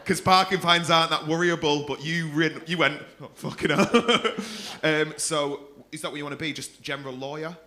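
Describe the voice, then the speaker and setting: Speaking briskly with hardly any pauses, this comic has a slightly high voice, a steady tone and a sharp edge. He's a Mancunian from North West England working the crowd in a comedy club, ribbing audience members with plenty of swearing while laughing at his own jokes.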